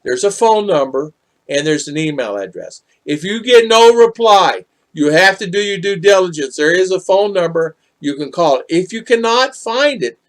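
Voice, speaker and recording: Animated American man telling a story. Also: sits high, normal speed. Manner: animated, acts out both sides of dialogue. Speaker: vlogger reading live chat. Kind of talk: casual storytelling and live chat replies.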